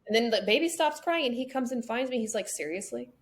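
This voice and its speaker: Animated woman telling stories. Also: fairly high pitch, fast. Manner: animated storyteller acting out quotes. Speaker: podcast host. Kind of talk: casual conversation, storytelling.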